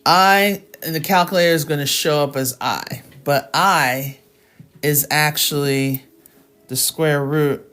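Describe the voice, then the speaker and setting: Tired lady math tutor, chatty, slow easygoing talk, lots of ums. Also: low-pitched, soft background music. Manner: chatty and relaxed, with frequent fillers and laughs. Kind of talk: casual live math lesson.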